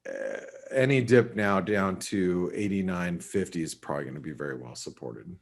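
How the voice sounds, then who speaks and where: A man with a very deep, low voice hosts a live market webinar. He talks casually through chart levels, thinks out loud, and keeps stopping to correct himself. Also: normal speed. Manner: conversational, thinking aloud with restarts and asides. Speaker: forex market analyst. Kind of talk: live trading webinar commentary.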